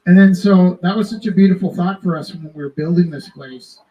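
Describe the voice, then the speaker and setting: High-voiced man telling rambling stories. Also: fairly quick, muffled recording. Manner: rambling, self-interrupting, animated. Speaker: live art auction host. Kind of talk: casual storytelling to a live audience.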